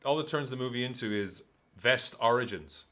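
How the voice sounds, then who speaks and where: A man co-hosting a casual film podcast, joking and animated as he riffs on a movie. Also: mid-range voice, normal speed. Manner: joking, animated, slips into mock voices. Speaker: podcast co-host.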